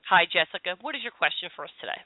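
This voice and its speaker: A woman's voice: fairly low pitch, expressive, racing, no echo. Chatty woman radio host, tinny sound. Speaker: radio show host and psychic. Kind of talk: call-in radio talk.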